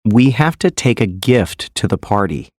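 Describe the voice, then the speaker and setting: A man reading grammar exercise sentences in a plain, clear manner. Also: on the low side, lively intonation, moderate pace, darkish tone, no room sound, clean studio sound. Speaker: example sentence reader.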